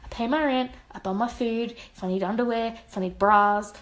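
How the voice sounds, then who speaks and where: A young Australian woman co-hosts a laid-back podcast, her voice sitting a little on the high side. She tells stories with lots of energy and slips into the voices of the people she quotes. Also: fairly quick. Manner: animated storyteller who acts out quoted voices. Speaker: podcast co-host. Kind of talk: casual chat.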